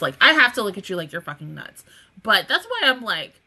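A woman hosting a casual anime reaction review, emotional and swearing freely, dropping from low mutters to laughing, near-tearful outbursts. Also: very animated, normal speed, bright, forceful tone.

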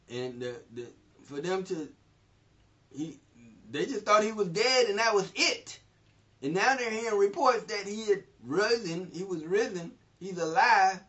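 Guy with a high voice teaching bible verses, laughing a lot, sounds far off and kinda muffled. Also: fairly bright tone. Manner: laughs often, retells verses in plain speech. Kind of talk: informal scripture teaching. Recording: distant mic, dull lo-fi sound.

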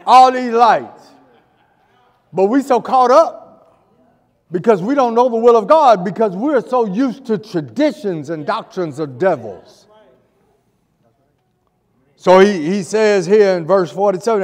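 Fiery high-voiced male preacher. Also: expressive, unhurried, pauses often, darkish tone, in a large hall. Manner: fervent, repeats phrases, rhetorical questions. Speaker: pastor. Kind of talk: fiery sermon. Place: church sanctuary.

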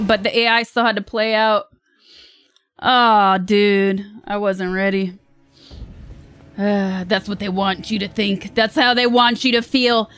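A fairly high-voiced woman streamer talks slowly through a hard boss fight. Her commentary turns sarcastic and frustrated, with yells when she is hit. Game music plays clearly behind her. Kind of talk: live gameplay commentary.

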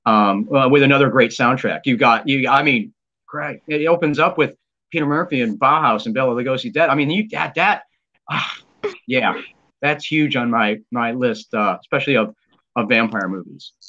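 A man's voice: mid-range voice, normal speed, pushed and bright, lo-fi sound. A man hosting a live stream, chatting casually and enthusiastically, rambling with many fillers and restarts. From United States.

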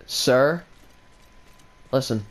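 A young man giving casual, excitable gameplay commentary, trash-talking enemies with mild stand-in swear words. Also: mid-range voice, extremely slow. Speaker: gaming channel host.

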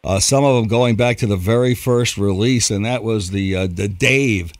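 A man's voice: on the low side, normal speed. A man hosting a radio interview show, asking questions in a friendly, fan-like way.

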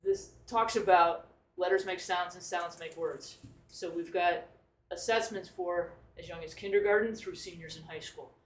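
High-voiced man presenting in an echoey room. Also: normal speed. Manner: explanatory, rephrasing and self-correcting, with rhetorical questions. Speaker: school administrator presenting a plan. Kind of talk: formal presentation at a public meeting. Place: meeting room. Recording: echoey room, distant mic.

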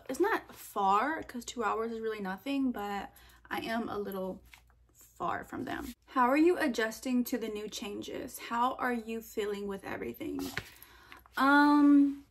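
A young woman chats through viewer questions in a relaxed vlog. Her voice sits a little high. She talks in an animated way, full of fillers and playful quoted asides. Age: young adult. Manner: chatty, animated, lots of fillers and self-quotes. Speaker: vlogger. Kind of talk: casual Q&A vlog.

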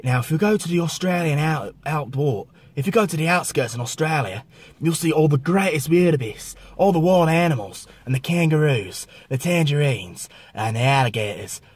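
A man's voice: a little high, expressive, normal speed, breathy edge, no echo. Man doing a hearty mock-Australian outback guide. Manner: hearty, rambling.

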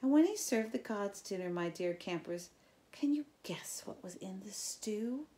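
A woman voicing a sinister, spiteful old male king who talks slowly and slyly, dropping to a croaking, menacing whisper and barking sudden orders. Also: medium pitch, animated, natural voice. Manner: slow, sly storytelling with sudden loud orders.

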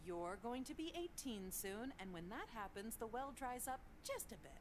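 A woman voicing a self-absorbed divorced mother in a game, chirpy and turning shrill when crossed. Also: very animated, moderate pace, a little hiss or hum. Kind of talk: game voice acting.

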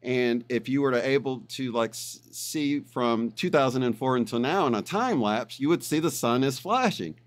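A man's voice: medium pitch, animated, normal speed, hardly any pauses. A man who is a guest on a podcast, explaining his ideas in a thoughtful way. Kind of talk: podcast conversation.

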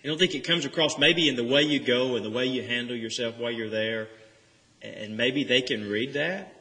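A man's voice: mid-range voice, normal speed, pushed and bright. A man preaching an earnest sermon, explaining a scripture passage verse by verse and pressing home key phrases. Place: church sanctuary. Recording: church sanctuary with long reverb.

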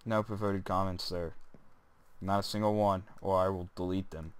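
A young man rambling goofily as he comments on his gameplay, joking at his own expense and talking straight to his viewers, his voice jumping up high when he gets excited. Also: normal speed, clean tone, no echo. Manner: goofy, self-mocking, talks to viewers, voice jumps up when excited. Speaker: gaming channel host.

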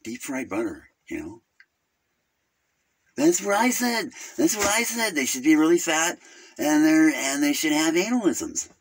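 A man's voice: on the high side, big pitch swings, a little slow, a little hiss or hum. A man playing a naive, rambling caller named Virgil who keeps drifting off topic on a phone call. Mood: chatty. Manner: rambling, easily sidetracked, crude. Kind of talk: comedic character phone call.

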